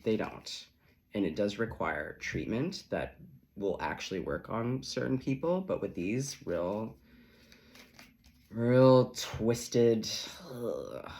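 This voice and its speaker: Sassy, animated low-voiced man. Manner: sassy, profane, chatty. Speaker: tarot reader. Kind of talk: casual tarot reading.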